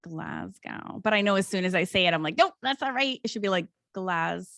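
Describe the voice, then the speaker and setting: An American woman co-hosting a podcast, chatting casually, giggling and excitable, often poking fun at herself. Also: mid-range voice, quick pace, dry recording, clean studio sound. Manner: giggly, excitable, self-mocking. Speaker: podcast co-host. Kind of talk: casual chat.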